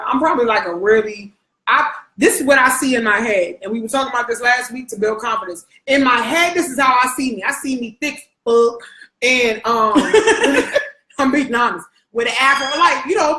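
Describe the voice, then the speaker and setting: A Brooklyn woman chats casually and animatedly, laughing and swearing freely. Her voice is bright and slightly high. The room gives it a noticeable echo. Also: moderate pace. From Brooklyn, New York. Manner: animated, laughing, profane and playful. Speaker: co-host. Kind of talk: casual chat on a live stream.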